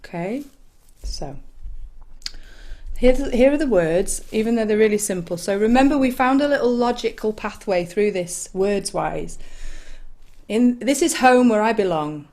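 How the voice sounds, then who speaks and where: A woman with an English accent leading an online singing session from home, gentle and encouraging, with reflective mindful asides. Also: mid-range voice, expressive, a little slow. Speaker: choir leader.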